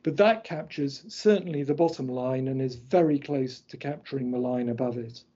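A middle-aged man giving an academic lecture, explaining slides point by point in a measured, precise way. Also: medium pitch, mellow, slightly rough. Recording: dull lo-fi lecture recording.

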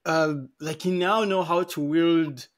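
A man with a voice pitched a little above the usual male range, co-hosting a podcast. He speaks in a relaxed conversational way, thinking aloud and working through ideas with everyday examples. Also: measured pace. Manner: thoughtful, explains with everyday examples. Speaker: podcast co-host. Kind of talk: casual conversation.

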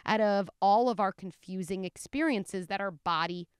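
A woman who is an expert guest on a podcast, giving careful, measured explanations. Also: medium pitch, clear, resonant tone, dry recording, studio quality. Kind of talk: conversational interview.

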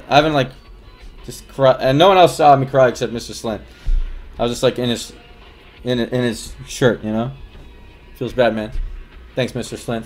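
A man livestreaming, telling a long story to his chat in a rambling, casual way with lots of fillers and laughs. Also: medium pitch.

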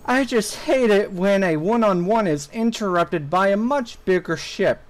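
Poor audio captures a high-pitched young man talking unhurriedly as he plays a game for his audience. When something goes wrong, the YouTuber rants in frustration and swears heavily.

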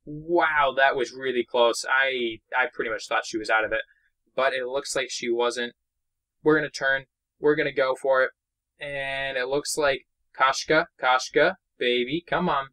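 A young man from Boston giving excitable, chatty commentary while playing a mobile game. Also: mid-range voice, rough recording. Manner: excitable, chatty, narrates own moves. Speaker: gaming YouTuber. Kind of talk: let's play commentary.

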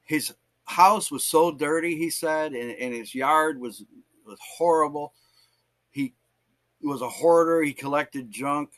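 A male pastor tells a sermon story to his church. His voice sits a little high for a man. He slips into the voices of the people in the story as he goes. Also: takes it slowly. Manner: animated, acts out voices in stories.

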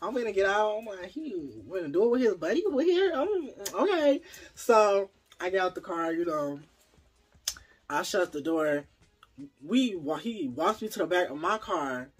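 Husky-voiced young vlogger telling a wild story. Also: medium pitch, moderate pace, soft background music. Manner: animated, profane, dramatic storytelling. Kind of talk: casual storytime vlog.

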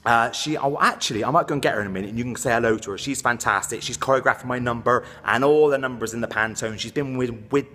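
A man's voice: mid-range voice, quick pace, hardly any pauses, bright, forceful tone. A man chatting in character in a comic vlog, with camp, self-promoting showbiz patter, out of breath after dancing in a dance hall. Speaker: comedy character vlogger.

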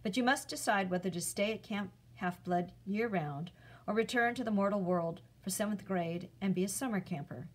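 A weary, wise old centaur teacher, as a woman reader puts him on. He speaks in a calm, measured, gently firm way, an old mentor in a storybook read-aloud. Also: medium pitch, close to an everyday voice.

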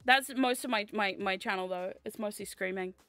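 A young woman from the United States hosting a casual livestream chat, giggly and excitable, reading comments aloud. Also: mid-range voice, moderate pace, dry recording. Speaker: livestream host.

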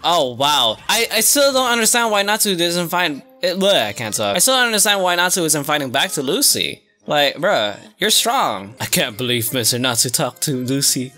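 A man hosting an anime reaction video, talking casually with lots of slang and breaking into sudden high yelps and gasps. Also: very animated, normal speed, sharp tone. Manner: casual slangy talk with many restarts. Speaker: anime reaction channel host. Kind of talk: live reaction commentary.

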